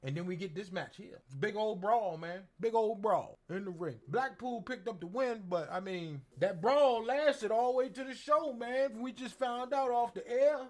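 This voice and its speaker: A man with a high-pitched voice recaps a wrestling show in loose, slangy talk. He keeps it animated and jumps into exaggerated voices to act out what people said. It sounds like a casual streamed rant. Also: moderate pace, hardly any pauses.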